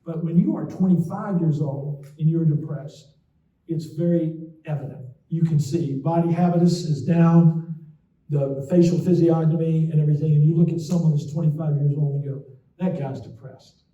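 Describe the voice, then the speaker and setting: A man's voice: on the high side, steady tone, normal speed, mellow. A middle-aged man, a memory doctor giving a casual talk with folksy anecdotes and frequent "okay?" asides. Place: talk to an audience in a hall. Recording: roomy, distant, dull lo-fi sound.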